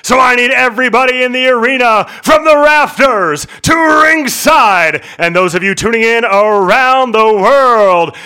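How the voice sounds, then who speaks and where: A man doing his booming boxing ring introduction, stretching words out and rolling his R's. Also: sharp tone, clean tone, heavily acted. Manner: booming, drawn-out, rolled R's. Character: man in a grand arena announcer voice. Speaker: ring announcer.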